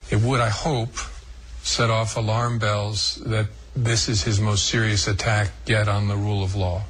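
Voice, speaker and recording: A man giving slow, deliberate answers in a television interview. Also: lowish voice, level tone, slightly rough. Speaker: interviewee in a broadcast clip.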